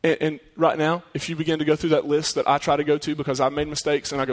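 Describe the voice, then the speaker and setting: A man delivers a sermon with a slightly higher voice than most men, speaking earnestly and conversationally. He keeps turning to his listeners with rhetorical questions, and his voice carries a long reverb as if he were in a large hall. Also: completely flat delivery, quick pace, few pauses. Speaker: pastor.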